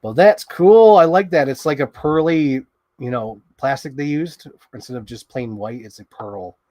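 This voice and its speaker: A man hosting a toy unboxing show in casual chat, rambling excitedly and swearing freely. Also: mid-range voice, normal speed.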